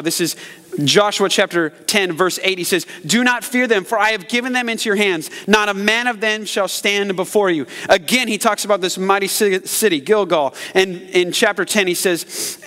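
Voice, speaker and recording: A man preaching a sermon as pastor, jokey and animated, acting out yells and voices. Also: high voice. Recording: hall reverb.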